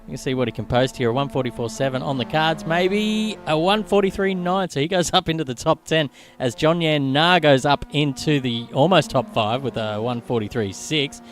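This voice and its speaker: A man giving chatty, quick live commentary on a sim racing qualifying session. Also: medium pitch, faint music behind. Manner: chatty, quick, laughs along.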